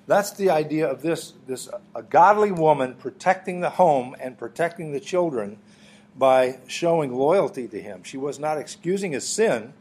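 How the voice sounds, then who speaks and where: A middle-aged man preaching a sermon as pastor, teaching earnestly, often clearing his throat and restarting phrases. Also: a little high, expressive, normal speed, a little mellow.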